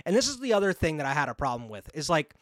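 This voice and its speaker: A man's voice: fairly high pitch, very animated, very fast, a bit bright, dry recording, studio quality. A man hosting a film review podcast, retelling scenes in casual chat with frequent laughs and casual swearing. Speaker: podcast host reviewing films.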